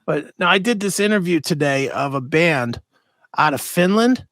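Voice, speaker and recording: A man's voice: fairly high pitch, animated, normal speed, a bit bright, no room sound. A man co-hosting a podcast, telling a rambling story in casual chat and mimicking the people he quotes. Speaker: podcast co-host.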